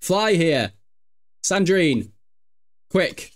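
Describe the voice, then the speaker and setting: Brief: young male streamer, raised voice, animated and giggly, bossing his game characters around. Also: high-pitched, very slow. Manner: excitable, laughing often, shouting at game characters. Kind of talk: casual game commentary. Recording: faint music behind.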